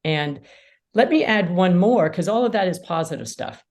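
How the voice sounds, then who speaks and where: A woman mediator and lawyer, a podcast guest, explaining ideas in an animated way and acting out quotes. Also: fairly low pitch, moderate pace. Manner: animated storyteller, acts out quotes. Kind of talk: casual conversation.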